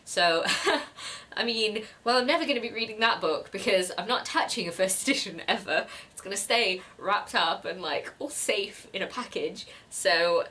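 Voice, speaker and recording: Woman, young adult, book vlogger, casual chat, bright voice, giggly. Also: medium pitch, moderate pace. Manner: chatty, giggly, gushing.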